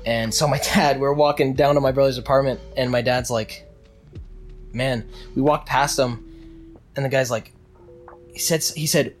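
A man's voice: medium pitch, steady tone, a little slow, pauses often, faint music behind. A young man casually telling a long story with many restarts, acting out what people said. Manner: rambling with restarts, acts out quotes.

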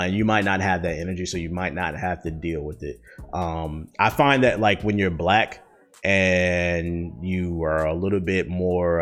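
A young man, a streamer, ranting casually and bluntly with lots of profanity while answering viewer questions. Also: fairly low pitch. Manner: profane, blunt, heated storytelling. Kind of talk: casual rant.

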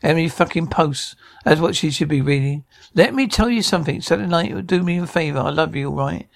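A man's voice: fairly high pitch, fairly quick, gravelly. An actor playing an irritable middle-aged man who squabbles in sitcom dialogue, stammering and restarting. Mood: bickering. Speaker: sitcom character.

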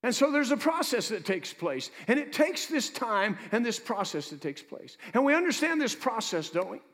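A man preaching a sermon as pastor, with lively asides to the congregation. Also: very high voice, moderate pace, in a large hall.

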